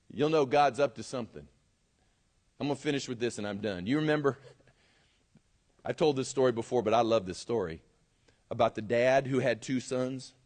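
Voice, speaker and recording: A male pastor delivers his sermon in the manner of a storyteller. He presses certain words with force, then drops into low, quiet asides to his congregation, and his pitch sits at a medium register for a man. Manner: storytelling, swinging from loud emphasis to quiet asides.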